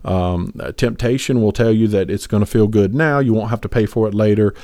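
A man's voice: on the low side, brisk, mellow, dry recording. A man co-hosting a podcast, talking about faith in an earnest, rambling way with many fillers and restarts. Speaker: podcast co-host. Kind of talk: casual faith discussion.

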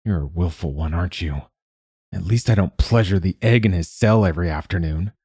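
Man voicing a sneering bully boy monk, hissing, low and dark, dry. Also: brisk, breathy edge, dry recording.

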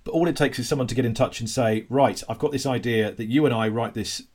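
A man in his forties hosting a podcast, reflective and rambling, with halting restarts. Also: mid-range voice, darkish tone. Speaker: podcast host. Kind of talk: casual chat.

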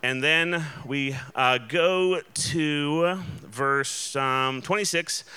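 A man giving a relaxed, conversational sermon, full of fillers and restarts and often checking in with his listeners. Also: fairly high pitch, drawn-out words, smooth. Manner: casual and chatty, many fillers and restarts, checks in with the audience. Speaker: pastor.

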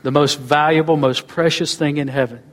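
High-voiced preacher, swooping delivery. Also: male voice, fairly even intonation, moderate pace. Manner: preaching with wide swings in pitch and loudness, dropping low and quiet at phrase ends. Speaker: pastor. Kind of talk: sermon.

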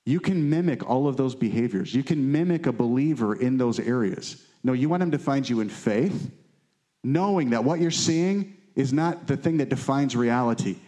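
A man's voice: mid-range voice, animated, normal speed, mellow. A married man preaching a sermon to his congregation, conversational and often checking in with his listeners. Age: adult, married. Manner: conversational preaching, frequent "right?" check-ins. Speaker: pastor.

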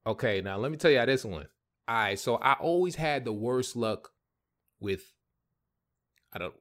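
A man hosting a podcast, telling a story in a casual, animated way with lots of slang and swearing. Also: lowish voice. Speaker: podcast host.

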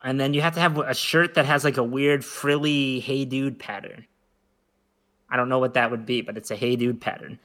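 A man's voice: mid-range voice, fairly even intonation, normal speed, a bit bright. A man co-hosting a casual podcast chat, rambling and joking playfully. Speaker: podcast co-host.

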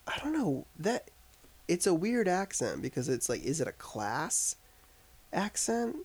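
With a fairly high, very animated voice and a breathy edge, this man speaks at a measured pace. He co-hosts a casual podcast from upstate New York, reviewing a film in a rambling way full of filler words.

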